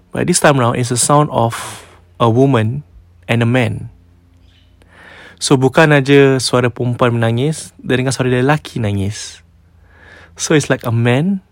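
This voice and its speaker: A man's voice: mid-range voice, creaky, dry recording. A man with a Singaporean accent hosting a podcast, casually retelling a ghost story, mixing in Malay phrases and often repeating words as he goes. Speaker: podcast host.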